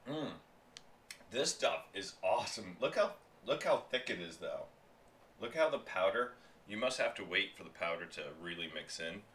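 Man, low voice, rambling casual chat, talking with mouth full, noisy room with clicks and wrapper crinkles. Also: animated, normal speed, fairly bright tone. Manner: rambling, chatty, talks while chewing. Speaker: food reviewer. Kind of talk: casual food-tasting stream chat.

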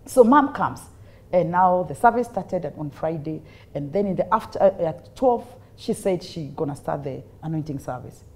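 A woman with a Kenyan accent, a guest sharing her faith testimony in an interview as a dramatic, lively storyteller. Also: deep voice, moderate pace. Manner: dramatic, lively storyteller who mixes in Swahili phrases.

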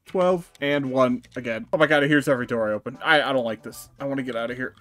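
A young man narrating a let's play, joking around and reacting loudly to the game. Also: mid-range voice, brisk, soft background music. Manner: excitable, jokey, squeals when startled. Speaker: gaming YouTuber.

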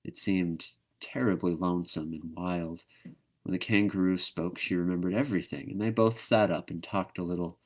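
Low-pitched male storyteller reading aloud, calm and measured. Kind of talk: children's book read-aloud. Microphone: webcam or phone mic on a live stream.

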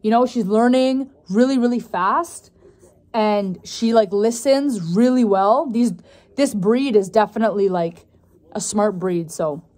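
A woman's voice: medium pitch, a little slow, darkish tone. A young woman talking casually to her vlog viewers, loose and chatty with plenty of "like" and "um". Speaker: vlogger.

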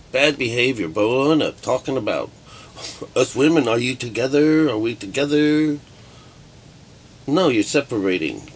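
A man's voice: low-pitched, slight background noise. A middle-aged man and art teacher talking in a rambling, profane monologue packed with fillers.

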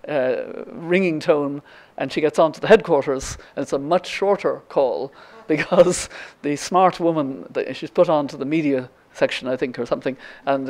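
A woman's voice: deep voice, a little mellow. An Irish woman in her seventies giving a lecture, telling a story with many ums and restarts. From Ireland. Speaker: guest speaker. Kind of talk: lecture with anecdote.

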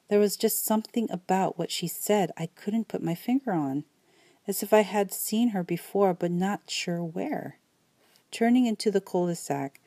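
A woman reading a first-person story aloud as an audiobook narrator, in a calm, steady way. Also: fairly low pitch, dry recording.

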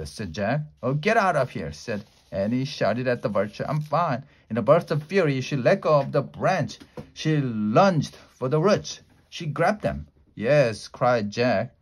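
A man reading a children's chapter book aloud, lightly changing his pitch for the characters' lines. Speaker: storybook reader. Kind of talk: children's story read-aloud.

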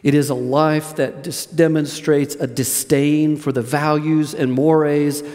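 A man's voice: a little high, little pitch movement, slow pace, darkish tone. A middle-aged man preaching a sermon as a seminary president, in a conversational, folksy storytelling manner with asides to the audience. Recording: long hall reverb.

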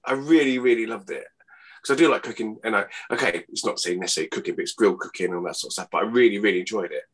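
A man, rambling and laughing as he chats in an interview, his voice not yet warmed up. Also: fairly low pitch, very fast, husky. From Hertfordshire, England. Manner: rambling, chatty, laughs often, says mate. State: voice not warmed up, early morning. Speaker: impressionist guest. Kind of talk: casual interview chat.

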